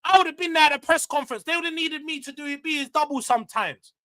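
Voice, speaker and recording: A high, bright-toned man hosts a casual football live stream. He is loud and emotional, going off on a rant before bringing the tone back down. His delivery stays animated and conversational. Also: quick pace, low-quality recording. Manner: loud, emotional and animated, ranting then calming down. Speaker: livestream host.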